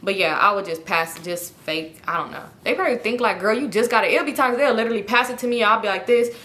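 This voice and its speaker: Bright-voiced woman telling a storytime. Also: mid-range voice, fast talker. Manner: animated, profane, acts out quoted voices. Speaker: storytime vlogger. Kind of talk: casual storytime.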